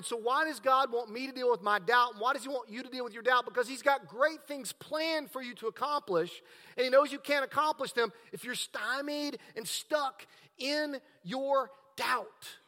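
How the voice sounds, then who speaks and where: A man preaching a sermon as pastor, swinging between hushed, drawn-out words and emphatic, raised passages. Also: very high-pitched, big-room sound.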